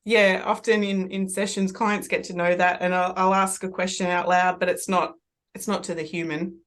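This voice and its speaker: On a podcast, an Australian woman who works as a medium chats casually in a loose, rambling way with a fairly low voice at normal speed. Her storytelling is animated.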